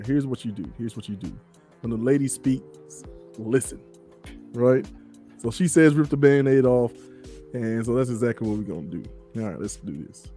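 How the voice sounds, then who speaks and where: Male podcast host, Southern-raised, relaxed and talkative, dark mellow timbre. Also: medium pitch. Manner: laid-back, chatty, laughs easily. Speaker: show host. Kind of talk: casual podcast chat.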